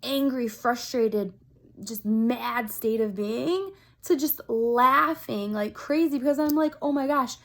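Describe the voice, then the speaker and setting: A woman's voice: a little high, takes it slowly, creaky. A woman vlogger talking casually to camera in a chatty, upbeat way, with many fillers like "like" and "um". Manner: earnest, animated storytelling.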